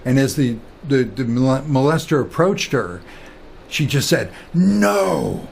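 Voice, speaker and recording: A man giving a loose spiritual talk at a middling pitch. He rambles through stories, full of fillers and restarts, and drops into quiet voices to quote people. A faint noise sits under the recording. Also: lively intonation, moderate pace. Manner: storytelling, quoting others in quiet voices. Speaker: spiritual teacher.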